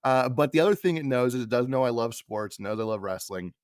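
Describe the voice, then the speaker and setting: A man's voice: mid-range voice, expressive, brisk, clean tone, no room sound. A man hosting a podcast, recapping an old broadcast from notes in an easy, chuckling way between casual opinions. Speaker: podcast host.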